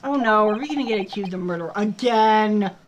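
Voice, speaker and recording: A young woman chats over a game with a friend, reacting to every twist with playful jokes. Her voice sits at an ordinary middle pitch. Clear background noise runs under her mic. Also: fairly quick. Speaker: game streamer. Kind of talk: casual let's play commentary.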